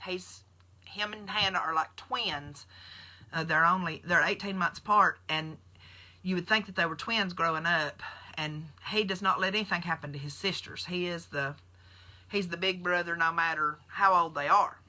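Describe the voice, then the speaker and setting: A woman's voice: on the low side, normal speed, pushed and bright. A woman, a nurse telling folksy stories directly to her followers on a live video. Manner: folksy storyteller, addresses viewers directly. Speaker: nurse hosting a keto support group.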